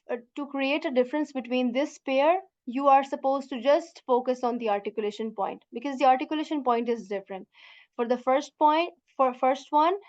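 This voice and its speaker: A woman with a high-sitting voice teaches a beginner Quran Arabic lesson, calling her students sister. She patiently says each sound slowly and repeats it for them to copy. The audio is dull.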